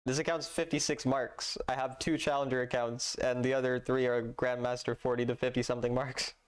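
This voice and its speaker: A man's voice: medium pitch, little pitch movement, brisk, clean tone. A young man livestreaming a game, chatting with viewers in a dry, sarcastic, slangy way from his home setup. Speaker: livestreamer playing a mobile game. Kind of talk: casual stream chat.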